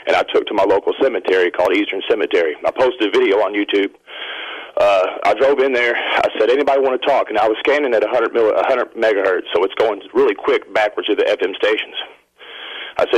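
A man calling in to a radio show, telling a long excited story in a rambling, self-interrupting way. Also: lowish voice, fast talker, slightly rough, dull audio. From Indiana. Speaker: caller. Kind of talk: phone-in storytelling.

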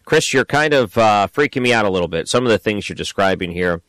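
A man hosting a late-night radio talk show, asking his guest measured, thoughtful questions. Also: fairly low pitch, lively intonation, a bit bright, dry recording.

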